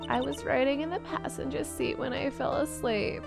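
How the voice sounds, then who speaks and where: A woman's voice: high-pitched, steady tone, moderate pace, creaky, pitched above the performer's own voice. A woman voicing a sad, ditzy young Valley Girl witness, drawling with lots of "like" over game music. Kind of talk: reading game dialogue in a put-on voice.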